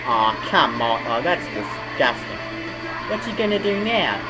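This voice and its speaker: Australian man, reaction video host, exclaiming, outraged, slow pace, music in background. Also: medium pitch, very animated, poor audio. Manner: exclaiming, outraged groans and threats. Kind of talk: casual reaction commentary.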